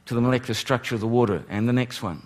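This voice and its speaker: A middle-aged man preaching a sermon, animated, swinging from loud exclamations to hushed, pleading lines. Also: mid-range voice, racing. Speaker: pastor.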